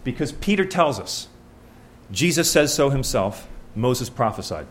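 A man's voice: mid-range voice, very animated, unhurried. A man preaching a sermon, reading scripture aloud and asking his listeners questions in an earnest, conversational way.

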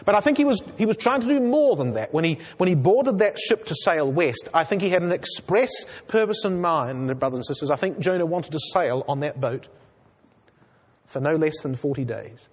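Husky-voiced preacher in a reverberant hall. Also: male voice, on the high side, animated, moderate pace. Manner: earnest, rhetorical questions to the congregation. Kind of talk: expository sermon.

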